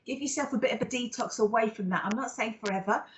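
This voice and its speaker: A woman's voice: fairly high pitch, fast, a little hiss or hum. A woman, a psychic medium hosting a live show, giving a card reading in an affectionate, rambling way full of fillers and endearments.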